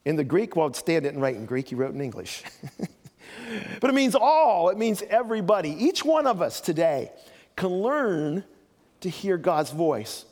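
A man's voice: sits high, very animated, unhurried, darkish tone, long reverb tail. An older man preaching a sermon as pastor, telling folksy stories with joking asides.

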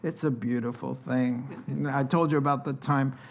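A man's voice: medium pitch, normal speed, vocal fry. A middle-aged man preaching a sermon as pastor, telling joking stories and laughing often. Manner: animated, joking storytelling with frequent laughter. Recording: dull sound with faint background hiss.

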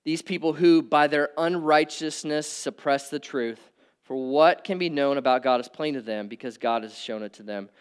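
A middle-aged man preaching a conversational sermon, swinging from emphatic peaks to quiet asides. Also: a little high, moderate pace, smooth. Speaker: pastor. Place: church hall with audience.

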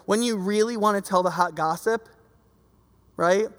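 A preacher giving a casual, conversational sermon, lively and acting out the voices of people in the stories. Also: medium pitch, moderate pace. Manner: animated, acts out quoted voices. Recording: long reverb of a large hall.

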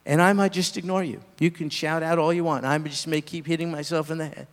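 A man preaching a sermon as pastor, with an emphatic delivery that swings between loud peaks and quiet drops. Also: fairly high pitch, fast talker, hardly any pauses, long reverb tail.

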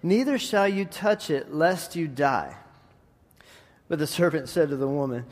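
A man preaching in a conversational, animated style with frequent restarts and asides. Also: on the high side, normal speed. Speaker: preacher and middle school teacher. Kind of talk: sermon. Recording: long hall reverb.

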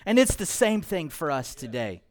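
Pastor, male, high voice, playful humorous sermon, dynamic hushed-to-loud emphasis. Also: sing-song, normal speed. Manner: joking, playful asides mixed with preaching; shifts between hushed and loud emphatic delivery.

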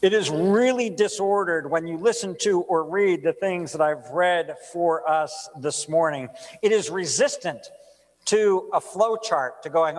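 A male pastor preaching in a measured, unhurried way, with a voice pitched a little high for a man. He reads scripture, prays and asks his listeners rhetorical questions. His voice rings out with the long reverb of a large church sanctuary. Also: lively intonation. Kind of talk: sermon with scripture reading and prayer.

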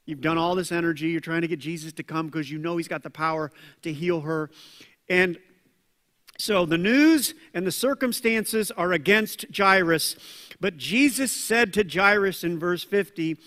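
A man preaching a conversational sermon as pastor, acting out quoted voices with lively asides. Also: a little high, moderate pace. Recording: long hall reverb.

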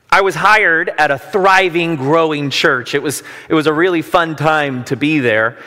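Man, pastor, sermon, conversational, joking, bright tense voice, long church reverb. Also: a little high. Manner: conversational, self-deprecating humor.

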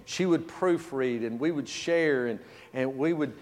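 A man preaching a sermon as pastor, telling a personal story, swinging from loud emphasis to hushed, soft passages. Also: mid-range voice, unhurried. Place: church sanctuary. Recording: long reverb of a church hall.

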